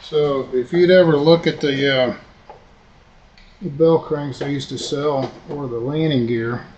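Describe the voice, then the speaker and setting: A man giving a relaxed live-stream workshop demonstration while he works, thinking aloud as he goes. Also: fairly high pitch, a little slow, dull audio. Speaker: model-making instructor. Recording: noisy workshop recording.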